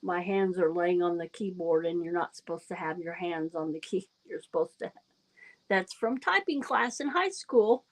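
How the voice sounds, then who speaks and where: A woman's voice: lowish voice, expressive, moderate pace. A woman hosting a casual trivia livestream, chatting and reading quiz questions aloud. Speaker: livestream host.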